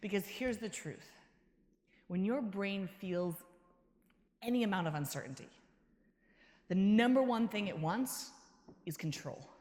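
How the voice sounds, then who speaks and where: Animated woman giving a keynote in a hall. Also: mid-range voice, measured pace, long pauses. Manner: animated storyteller who acts out quotes and laughs. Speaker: keynote speaker. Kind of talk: motivational keynote talk. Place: large conference hall. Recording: echoey hall reverb.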